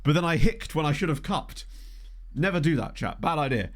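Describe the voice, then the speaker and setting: Jokey man streaming, lively pitch. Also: fairly quick. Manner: jokey, self-mocking, laughs often. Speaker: streamer and game host. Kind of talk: casual livestream chat. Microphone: desktop USB microphone.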